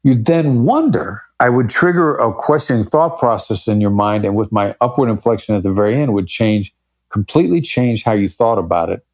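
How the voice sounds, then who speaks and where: Here a negotiation expert, a man, guests on a podcast and argues his points with emphasis, altering his pace for effect as the interview stays conversational. His lowish voice sounds animated and darkish, delivered at a normal speed.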